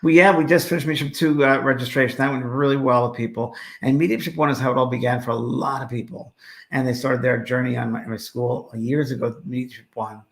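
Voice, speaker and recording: A man, a medium co-hosting a casual chat, telling animated, jokey stories. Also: mid-range voice, fast talker, creaky, reverberant. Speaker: medium and show co-host.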